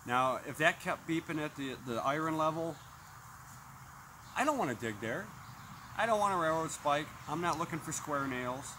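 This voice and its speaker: A man's voice: on the high side, animated, moderate pace, pushed and bright, rough recording. A man reviewing a metal detector outdoors, casually calling out each tone as he tests coins and metals. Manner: plainspoken, calls out tones as he tests. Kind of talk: casual product demonstration. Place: outdoors in a yard. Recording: outdoor noise behind the voice.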